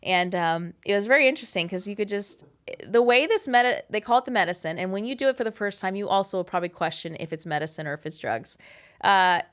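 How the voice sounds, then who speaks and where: A woman in her thirties telling a personal story in a casual, animated, candid way, with frequent swearing. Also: mid-range voice, fast talker. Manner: animated, candid and profane, with many "like" fillers. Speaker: host.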